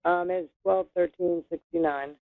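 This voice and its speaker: A woman calling in to a psychic show, answering briefly and softly. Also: on the low side, steady tone, a little slow, no echo. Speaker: caller. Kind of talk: phone call-in. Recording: dry tinny phone line.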